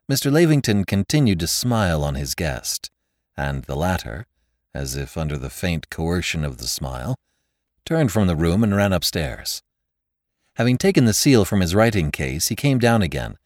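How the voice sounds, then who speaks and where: A man narrating a classic story in a measured, expressive way. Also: low voice, no room sound, studio quality. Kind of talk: audiobook narration.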